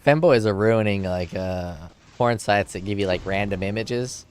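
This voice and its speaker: A man's voice: lowish voice, moderate pace, few pauses, clear, resonant tone. A man streaming a game, chatting casually and rambling through crude jokes.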